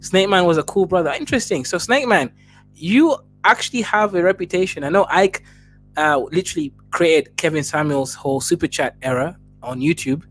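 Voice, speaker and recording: A man's voice: on the high side, expressive, normal speed, fairly bright tone. A man with an East African accent hosting a livestream, laughing and teasing viewers as he reads their messages. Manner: laughing, teasing, talks straight to chatters. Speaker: livestream host. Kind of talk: casual livestream chat reading viewer messages.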